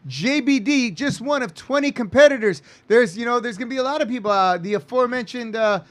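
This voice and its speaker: A man's voice: very high-pitched, brisk. A man from California, a wrestling promoter, hyping an upcoming card in a rambling, self-correcting announcer patter. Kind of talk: casual promo chat.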